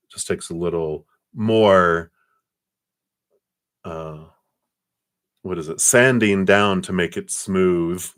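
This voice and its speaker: A man with a very deep voice talks through tarot cards on a live stream, easygoing and chatty. He laughs often and slips into quiet murmured asides. His voice sounds dry and close. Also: no room sound. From Colorado. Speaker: tarot reader.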